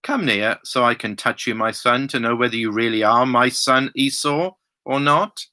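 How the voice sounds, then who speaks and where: An aged blind father near his death speaks in a Bible reading, voiced by a man. The tone is bright and forceful, and the delivery is that of a plain reading. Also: mid-range voice, normal speed, natural voice. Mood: solemn.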